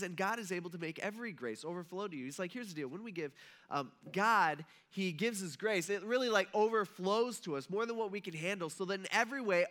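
Bright, casual-sounding male pastor. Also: high voice. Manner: casual, conversational preaching with retold dialogue. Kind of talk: sermon. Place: church auditorium.

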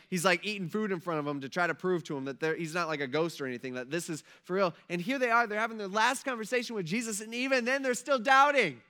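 Bright-voiced man preaching a casual sermon. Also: high voice, expressive, fast talker. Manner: conversational, emphatic, swings loud and soft, acts out quotes. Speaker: pastor.

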